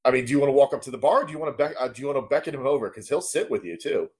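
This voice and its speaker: A man's voice: mid-range voice, rapid-fire, darkish tone, breathy edge. A man running a tabletop game as game master, describing scenes casually. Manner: casual, laughs often, describes actions.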